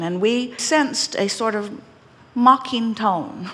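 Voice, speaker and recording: Addressing a seminar room full of live listeners, a woman gives an inspirational talk at a medium pitch, speaking as a collective "we" in a deliberate, gently teasing way. The hall lends a long reverb, and a little hiss or hum can be heard.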